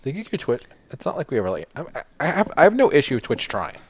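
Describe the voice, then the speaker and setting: A relaxed man talking through his board game moves with a lively, wandering pitch. His chatter is easygoing and offhand, like a regular player at the table. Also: quick pace, breathy edge. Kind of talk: casual board game play over a stream.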